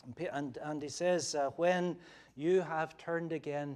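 A pastor with a somewhat raised pitch delivers a sermon to his church. He speaks earnestly and tenderly, often pleading. His talk is full of "uh" fillers and quick restarts. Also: steady tone, darkish tone.

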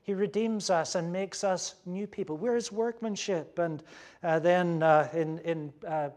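Earnest high-voiced male preacher. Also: steady tone, a little slow. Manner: earnest and emphatic, swinging between loud stresses and hushed asides. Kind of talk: sermon. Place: room with a gathered audience.

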